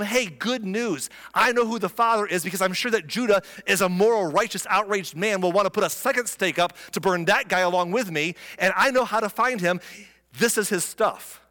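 A clever young woman, sly and matter-of-fact, as a preacher puts her on, in a lifted, higher voice. A long reverb trails behind the voice, as in a large hall. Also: normal speed, bright, forceful tone.

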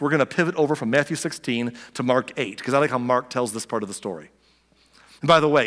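Animated preacher in a reverberant hall. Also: male voice, a little high. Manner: animated preaching, acts out voices of the story, chuckles often. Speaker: pastor. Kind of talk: sermon.

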